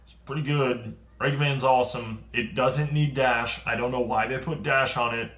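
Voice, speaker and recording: A man giving a casual, excitable card-game review, rambling and trailing off quieter at the ends of thoughts. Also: mid-range voice. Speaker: card game video creator. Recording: roomy echo.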